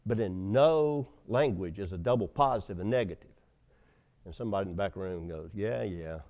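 A man preaching a sermon, telling stories with loud emphasis and hushed asides. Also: sits low, animated, a little fast. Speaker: pastor.

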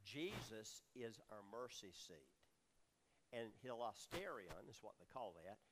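This man leads a Bible study sermon, breaking down words and quizzing the audience as he goes, filling gaps with many fillers. His fairly low voice is very animated and measured in pace, with background noise behind him.

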